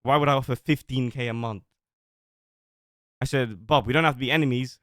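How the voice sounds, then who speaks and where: A man streams from home, talking defensively and at length as he reads old messages aloud. His voice is smooth and resonant, sitting at an everyday middle pitch. The close mic leaves it dry, with almost no room sound. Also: brisk, fairly bright tone, no echo. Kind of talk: livestream talk, reading out messages.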